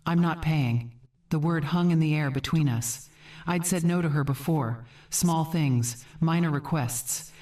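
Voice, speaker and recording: A woman narrating a first-person story in a calm, firm, measured way. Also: deep voice, distant mic.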